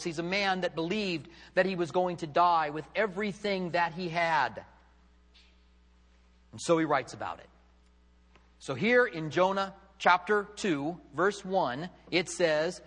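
A man preaching a sermon, swinging from loud, fervent passages to hushed, quiet ones. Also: high voice, moderate pace, big-room sound. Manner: dramatic, swings from loud fervor to hushed tones. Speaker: pastor.

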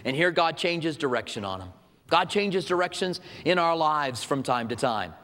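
A man's voice: a little high, lively intonation, moderate pace, fairly bright tone. A man preaching a sermon to his congregation in a conversational style, asking rhetorical questions. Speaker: pastor. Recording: long hall reverb.

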